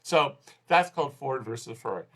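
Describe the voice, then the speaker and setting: A man's voice: medium pitch, animated, a little fast, a bit bright. Rambling male film critic. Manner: rambling, frequent restarts and fillers. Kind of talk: casual spoken movie review. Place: Hong Kong.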